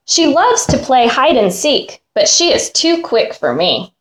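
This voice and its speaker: Woman storyteller, high and lively, unhurried read-aloud of a kids' picture book. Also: roomy sound. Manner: expressive, lively character voices. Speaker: storybook reader.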